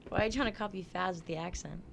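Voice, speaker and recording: Wry young woman with a lowish voice. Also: rapid-fire, creaky, a little hiss or hum. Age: young adult. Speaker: co-host. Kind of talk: casual sports chat.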